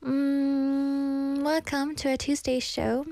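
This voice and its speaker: A young woman radio DJ chats casually and pokes fun at herself, her voice set a touch high. She sounds a little out of breath. The studio sound is close and dry. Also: moderate pace, a little mellow, dry recording. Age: 20s. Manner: chatty, self-deprecating, reads viewer comments aloud. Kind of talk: casual live radio chat.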